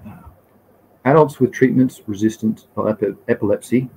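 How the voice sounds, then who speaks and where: A man's voice: on the low side, mellow, a little hiss or hum, poor audio. A young Australian man hosting a casual live stream, reading from slides in a rambling way and greeting viewers in the chat.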